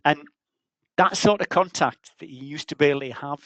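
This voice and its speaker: A man's voice: fairly high pitch, fairly quick, a bit bright, no room sound, poor audio. A man in his fifties, a football journalist, telling an old anecdote in a rambling way with many restarts. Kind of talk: anecdotal storytelling.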